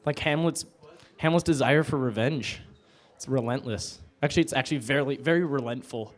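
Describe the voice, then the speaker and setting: A man at a bookstore open mic, bantering loosely and joking at his own expense. He rambles, trips over his words and tosses in quick asides, at a middling pitch into a handheld mic. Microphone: handheld mic, then a mic stand.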